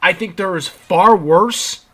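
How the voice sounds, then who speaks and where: A man's voice: high-pitched, takes it slowly, fairly bright tone. A young man giving an exasperated, sweary casual rant about wrestling as a channel commentator. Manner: exasperated, ranting with frequent swearing and restarts. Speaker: YouTube commentator.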